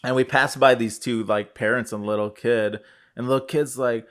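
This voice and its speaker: A man co-hosting a podcast in casual chat, an animated storyteller who acts out quotes in a raised voice. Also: fairly high pitch, moderate pace. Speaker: podcast co-host.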